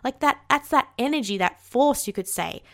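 A woman's voice: high-pitched, lively intonation, normal speed, fairly bright tone. An Australian woman hosting a casual solo podcast, bubbly and outspoken, swearing freely, with rising inflections at the ends of her sentences. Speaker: podcast host.

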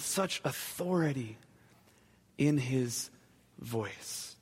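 A male pastor telling a story in a sermon, slowing down and dropping to a hushed voice at the key moments. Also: mid-range voice, breathy edge. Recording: long church reverb.

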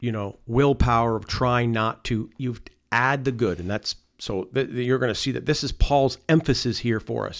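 A man's voice: mid-range voice, moderate pace, vocal fry, hardly any pauses. A man preaching a conversational sermon, often adding "you know" and "okay?" as he talks.

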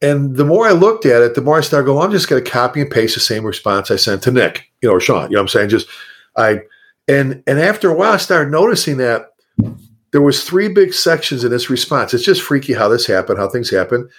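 Casting: middle-aged fire chief, lively storyteller, mid pitch, pops into high mocking voices. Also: male voice, fairly quick. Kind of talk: casual podcast conversation.

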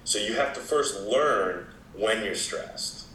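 A man talking as a wellness expert guest in a casual interview, with a relaxed, explaining manner full of "you know" fillers. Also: on the low side, takes it slowly, slight background noise. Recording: echoey room.

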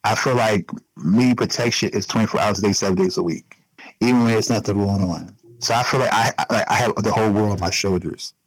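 Earnest low-voiced man in a dry interview. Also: a little fast, dry recording, rough recording. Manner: earnest, repeats himself for emphasis. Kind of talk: emotional personal interview.

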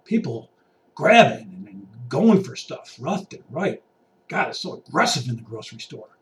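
A man's voice: mid-range voice, very animated, moderate pace, distant mic. A man ranting casually outdoors, sarcastic, acting out impatient people. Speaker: vlogger. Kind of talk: casual rambling monologue. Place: outdoors by water.

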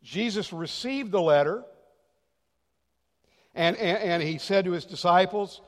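High-voiced preacher man in a reverberant hall. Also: expressive, a little slow. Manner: dynamic preaching, swings from loud emphasis to hushed near-whisper. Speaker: pastor. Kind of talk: sermon.

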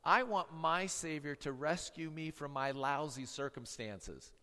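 A man's voice: on the high side, unhurried, bright, forceful tone, clear, resonant tone, big-room sound. A man preaching a sermon, mixing humorous stories with tongue-in-cheek sarcasm. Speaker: pastor.

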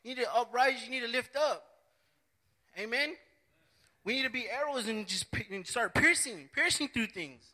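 A man's voice: very high voice, normal speed, pauses often, pushed and bright. A man preaching a sermon, earnest and repetitive, often restarting his phrases.

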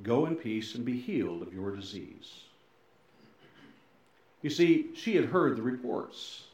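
A middle-aged male pastor giving a sermon, swinging between loud emphasis and soft, low endings, with folksy, self-deprecating asides. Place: church sanctuary. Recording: very echoey church hall.

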